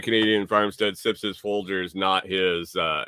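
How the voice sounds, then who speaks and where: Guy rambling on his morning livestream, bright forceful voice, kinda low, dry sound. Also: level tone, measured pace, few pauses, clean tone, no echo. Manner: rambling, repeats himself, casual swearing; reads viewer chat aloud. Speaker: livestream host. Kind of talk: casual live-stream chat.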